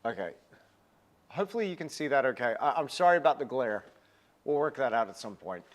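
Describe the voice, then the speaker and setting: A man's voice: medium pitch, lively intonation, fairly quick. A young man giving a live painting lesson, chatty and rambling with a self-deprecating manner. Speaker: painting instructor.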